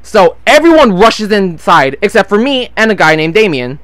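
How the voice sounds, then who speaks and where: A nineteen-year-old gameplay vlogger tells a long, rambling story while he plays, swearing freely and losing track of names and his train of thought. His voice is high, very animated and a bit bright, delivered at a moderate pace on a dry recording.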